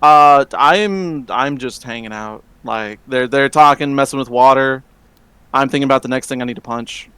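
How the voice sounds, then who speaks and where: A man's voice: medium pitch, normal speed, a bit bright, clean tone, no echo. A man playing a tabletop game over an online voice call, chatting in a goofy way and laughing often. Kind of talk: casual game chat.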